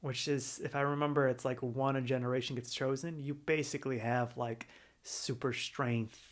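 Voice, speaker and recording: A man's voice: medium pitch, fairly even intonation, normal speed. Easygoing, casually swearing male co-host. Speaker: podcast co-host. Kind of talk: casual chat.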